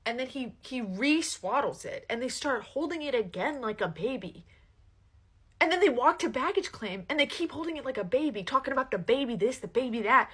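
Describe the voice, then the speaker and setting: A woman's voice: sits high, a little fast, husky. A young woman casually telling a story, swearing often and quoting the people in it with voices. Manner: animated, swears a lot, quotes people in voices.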